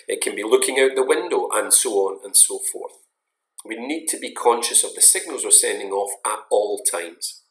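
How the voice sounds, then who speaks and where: Low-voiced man lecturing in an echoey room. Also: a bit bright. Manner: measured, explanatory, stresses key words. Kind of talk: recorded online lecture. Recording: roomy echo.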